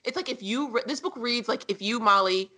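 An animated woman in a casual book discussion, laughing often and swearing freely. Her voice sits fairly high, with a bright, sharp edge. She talks like a podcast co-host riffing with a friend. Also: a little fast.

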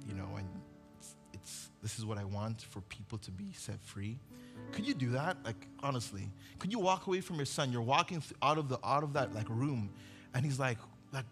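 A man's voice: mid-range voice, fairly quick, over music. A male pastor preaching a sermon, telling a vivid story and acting out the voices of its characters. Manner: storytelling, acts out voices, builds to impassioned climax.

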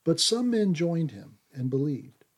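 A man co-hosting a radio program, reading scripture in a steady, measured way. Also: a little high. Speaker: co-host.

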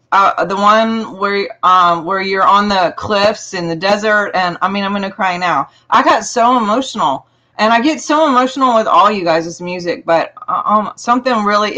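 A woman's voice: lowish voice, sharp tone, muffled recording. A woman hosting a casual panel chat, effusive and emotional, rambling as she talks. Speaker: show host.

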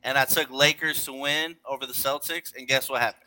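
A man's voice: medium pitch, steady tone, a little fast, a crowd in the background, low-quality recording. A laid-back man chatting casually on a podcast, laughing easily and hesitating with fillers. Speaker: podcast co-host. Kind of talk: casual chat.

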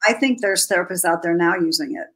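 A woman guest in a casual interview, telling a story in a gentle, reflective way. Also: on the low side, fast talker, poor audio.

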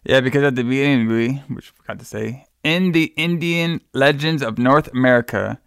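Man, gravelly voice, casual profane movie recap, dry recording. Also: mid-range voice, dry recording. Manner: rambling, profane, acts out characters in quick quotes. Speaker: podcast co-host.

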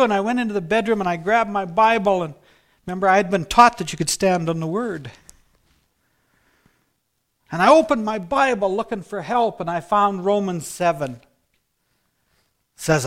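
Preacher, male, high voice, earnest testimony sermon with hushed emphatic drops. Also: normal speed, long pauses. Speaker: preacher giving his testimony.

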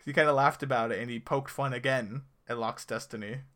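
A man's voice: medium pitch, steady tone, fairly quick, a bit bright. Rambling man recapping a TV episode. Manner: rambling, self-correcting, laughs often. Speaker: podcast co-host. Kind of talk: casual TV recap chat.

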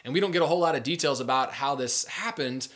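A young adult man preaching a casual sermon, telling a story in a conversational way and acting out the people in it with lively everyday speech. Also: mid-range voice, fast talker. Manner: conversational, animated, acts out quoted voices with filler words. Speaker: pastor.

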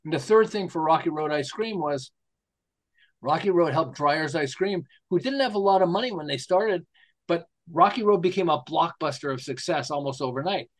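Speaking at a moderate pace in an animated, fairly high voice, a sixty-something American man guests on an interview. The marketing specialist tells stories enthusiastically and casually, mixing in laughs and rhetorical questions.

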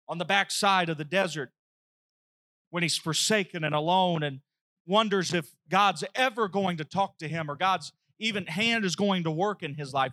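A man preaching a sermon, telling a story with lively acted-out dialogue. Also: high-pitched. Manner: animated storytelling, acting out dialogue.

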